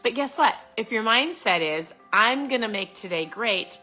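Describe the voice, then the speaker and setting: A woman's voice: a little high, lively intonation, moderate pace, bright, forceful tone, soft background music, low-quality recording. A middle-aged woman giving a casual, upbeat motivational talk to camera, chatty with lots of fillers and restarts. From Florida. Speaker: vlogger.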